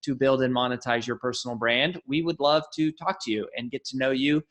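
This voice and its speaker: A man reading a friendly, measured promo message at the end of a podcast. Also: medium pitch, steady tone, a bit bright. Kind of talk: scripted promo read.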